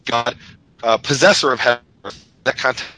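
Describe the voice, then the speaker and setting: A man's voice: medium pitch, moderate pace, bright, forceful tone, slight background noise, poor audio. A man, a guest on a religious podcast, talking thoughtfully and explaining his points with quotes from scripture. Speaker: guest Bible scholar. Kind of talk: casual religious discussion on a podcast.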